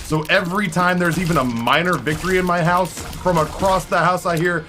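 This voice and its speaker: A man's voice: high voice, a little fast, few pauses, music in the background. A man in his forties chatting live with his stream viewers, rambling, swearing and greeting people in chat by name. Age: 40s.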